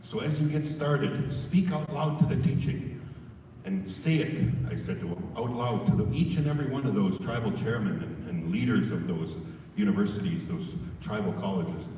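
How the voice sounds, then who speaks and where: A man's voice: fairly low pitch, normal speed, warm tone, slight background noise. A man giving a folksy training talk to a room of staff, calling them folks. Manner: folksy, addresses the audience as folks. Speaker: presenter. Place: large room full of staff. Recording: roomy hall, far mic, dull.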